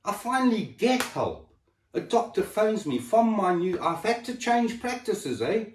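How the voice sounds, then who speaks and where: Recorded from a distance in an echoey room with slight background noise, a man shares his health story in a raw, sweary, emotional way, his volume suddenly dipping. His high-pitched voice is very animated, yet unhurried.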